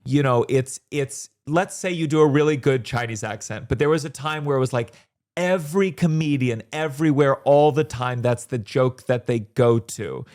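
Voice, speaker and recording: A comedian chatting casually as a guest, animated and quick, with sudden rises in pitch when he makes a point. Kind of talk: casual conversation.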